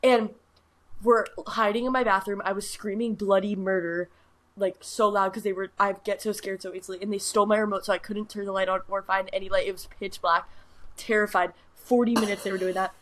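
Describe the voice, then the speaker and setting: A woman's voice: mid-range voice, steady tone, a little fast, a bit bright. A young woman co-hosting a podcast, telling a story in rambling casual chat with lots of fillers. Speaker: podcast co-host.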